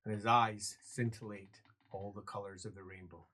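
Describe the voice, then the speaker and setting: A man narrating a tabletop role-playing game as game master, in a slow, theatrical way. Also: lowish voice, steady tone, pushed and bright.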